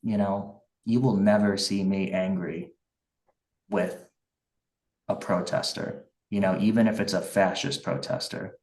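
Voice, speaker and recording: A man's voice: low-pitched, level tone, unhurried, a little mellow, echoey room, far from the mic, poor audio. A man running for office, answering interview questions earnestly and passionately, with frequent restarts and fillers. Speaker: write-in congressional candidate.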